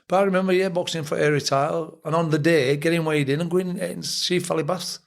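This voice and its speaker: A man's voice: on the high side, steady tone, fairly quick, creaky. An older man with a Sheffield accent, a boxing trainer telling reflective, blunt stories as a guest on a casual podcast interview. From England.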